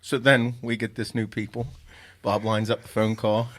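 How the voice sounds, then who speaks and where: A man's voice: fairly low pitch, little pitch movement, moderate pace, a bit bright. A man hosting a podcast, telling stories in an intense, profane, casual way. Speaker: podcast host.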